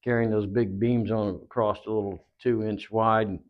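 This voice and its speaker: Over dull lo-fi audio, a male interview guest rambles through long wrestling-career stories, full of fillers and acted-out dialogue. His lowish voice stays flat at a normal pace.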